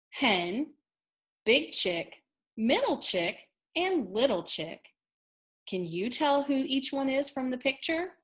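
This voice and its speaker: A woman teacher leading an expressive, child-directed read-aloud lesson, pausing often to ask questions. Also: mid-range voice.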